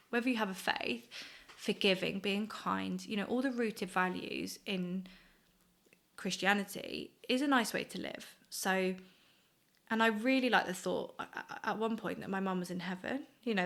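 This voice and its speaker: A woman, sharing a personal faith testimony in an earnest, reflective, halting way. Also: medium pitch, a bit bright. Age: 20s. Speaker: guest sharing her faith story.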